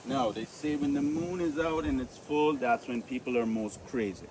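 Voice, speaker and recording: Caymanian male tour guide, joking and animated, outdoors, heard from a distance with faint noise. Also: medium pitch, moderate pace. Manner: joking, lively and animated, with local slang.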